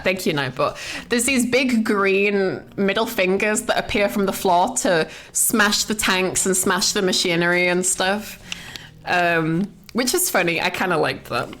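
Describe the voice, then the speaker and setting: A young woman chats loosely on stream, her voice sitting at an ordinary middle pitch. She rambles through her notes, swears freely and keeps slipping into giggles. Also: unhurried, a bit bright, soft background music, a faint crowd. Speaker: streamer reviewing a film. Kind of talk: casual stream chat.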